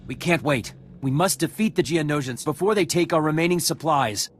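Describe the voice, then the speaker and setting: A man's voice: fairly high pitch, animated, fairly quick. A man voicing an earnest, eager young recruit in a game cutscene.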